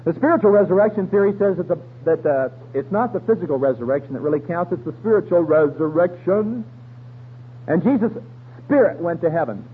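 A man's voice: fairly high pitch, lively intonation, brisk. A man preaching in a folksy, colloquial storytelling way, full of slang, on a tinny radio broadcast with a faint hum. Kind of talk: radio sermon.

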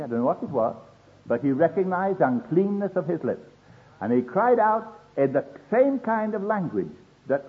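An older man preaching a sermon in an earnest way, acting out the voices he quotes. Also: a little high. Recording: tinny phone-like old sermon tape.

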